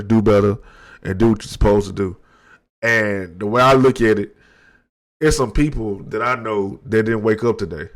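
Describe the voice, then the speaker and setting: Low-voiced man in his thirties, soft and reflective. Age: 30s. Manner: soft, reflective, halting with frequent restarts. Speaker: podcast host. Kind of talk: solo confessional monologue. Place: at his desk. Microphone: desk microphone.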